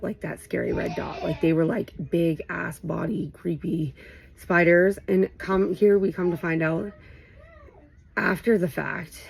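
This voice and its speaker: Brief: thirties woman, casual vlogger, low gravelly fry, chatty and rambling. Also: rough recording. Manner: animated, rambling, lots of fillers. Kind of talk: casual storytelling chat. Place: home, late night.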